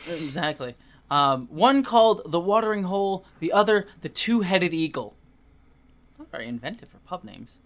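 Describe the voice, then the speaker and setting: A person reading a book aloud for comedy, giggly and expressive, breaking off for sarcastic asides. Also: medium pitch, moderate pace. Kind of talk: comic book reading with banter.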